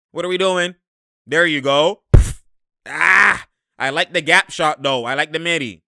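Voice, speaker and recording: A young man talking casually and excitably as he reacts to basketball footage, laughing and using slang. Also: a little high, a little slow, smooth, no room sound, clean studio sound. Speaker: sports commentator reacting to game footage. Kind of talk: casual live game reaction.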